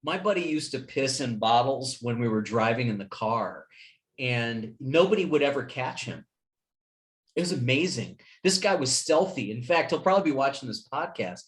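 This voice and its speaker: A podcast host with a medium-pitched, animated voice speaks at normal speed. In casual chat he tells stories, swearing freely and performing his friends' lines in their voices.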